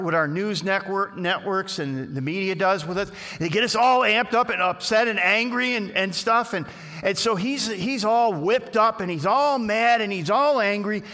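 A male pastor preaches in a chatty, storytelling way that builds into animated bursts. His voice sits fairly high and sounds bright and forceful. A long reverb hangs after each phrase in the church hall. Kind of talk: sermon.

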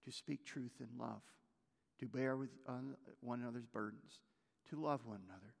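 A man preaching a sermon as pastor, moving between loud urgent stretches and hushed, almost whispered lines. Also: mid-range voice, moderate pace, creaky, long reverb tail.

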